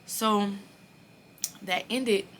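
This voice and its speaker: A woman in her early twenties telling a personal story in a casual, animated and profane way, acting out the dialogue. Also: medium pitch, drawn-out words, a little hiss or hum. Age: early 20s. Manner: animated, blunt and profane, acts out quoted dialogue. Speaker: storyteller vlogger.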